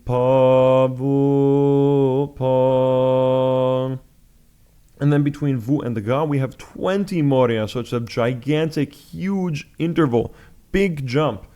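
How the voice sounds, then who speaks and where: A man's voice: on the high side, expressive, moderate pace, warm tone. A man teaching chant in a music lesson, explaining step by step with patient, plain talk and sung examples.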